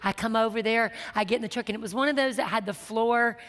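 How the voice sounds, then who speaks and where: A middle-aged woman minister and show host, telling a story from her life in a lively, laughing, self-mocking way. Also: a little high, fast, big-room sound. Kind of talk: storytelling testimony in casual chat.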